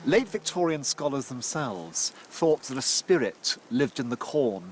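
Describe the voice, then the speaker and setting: A man's voice: mid-range voice, big pitch swings, measured pace, a little hiss or hum. Enthusiastic male historian explaining outdoors. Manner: enthusiastic, lecturing, slightly theatrical. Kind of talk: explaining to the farmers. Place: outdoors in a wheat field.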